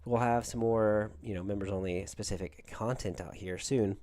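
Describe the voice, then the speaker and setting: A man's voice: on the low side, fairly even intonation, normal speed, a little mellow, a little hiss or hum. A man from Georgia with a Southern accent, hosting a casual livestream and chatting with viewers in a rambling way. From Georgia, USA. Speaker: livestream host.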